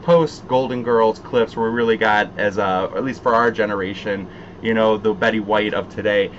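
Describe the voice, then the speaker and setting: A man's voice: fairly low pitch, fairly even intonation, normal speed. A man hosting a casual pop-culture chat, talking with a Southern American accent and many fillers and restarts. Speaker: host. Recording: dull sound, faint noise.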